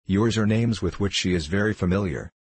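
A man's voice: deep voice, brisk, husky, no echo. A man voicing a cheerful, courteous middle-aged judge in a storybook reading. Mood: cordial.

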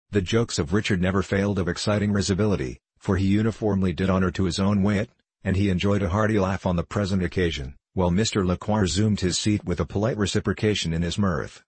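Deep husky male audiobook narrator. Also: fairly even intonation, fast talker, darkish tone, dry recording. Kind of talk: scripted narration of a classic novel.

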